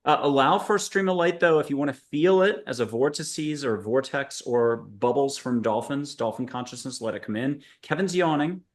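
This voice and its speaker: A man's voice: medium pitch, normal speed, hardly any pauses. Man, host, guided meditation, playful and rambling, video call. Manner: playful, punning, rambling guidance. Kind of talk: guided meditation on a panel show.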